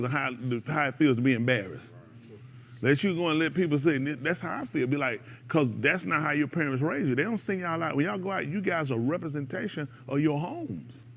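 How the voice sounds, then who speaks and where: A man, hosting a radio show and preaching casually to a group in an exhorting way. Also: fairly high pitch. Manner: animated, exhorting, breaks into laughter and mimicry.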